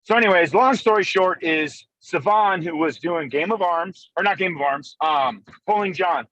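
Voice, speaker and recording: A man on a phone call from his car, telling a fast, profane, animated story in a casual chat. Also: sits high, dry recording. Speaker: guest arm wrestler. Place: in a moving car.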